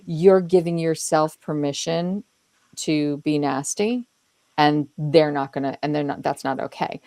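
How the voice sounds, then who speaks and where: A woman's voice: deep voice, dark tone, dry recording. A woman hosting a podcast conversation, talking earnestly and emphatically and acting out little quoted lines. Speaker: podcast host. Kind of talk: conversational interview talk.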